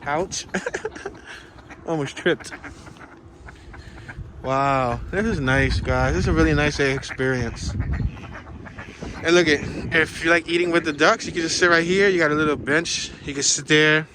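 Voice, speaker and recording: A man's voice: on the high side, moderate pace, long pauses, background noise. A man vlogging casually on a walking tour outdoors by a pond, playful and slangy as he jokes around. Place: outdoors by a pond in cold weather.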